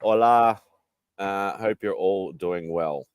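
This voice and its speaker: A man's voice: sits low, takes it slowly, smooth, no room sound, clean studio sound. A man with an Australian accent hosting a casual hangout show, laid-back and greeting viewers by name. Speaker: host.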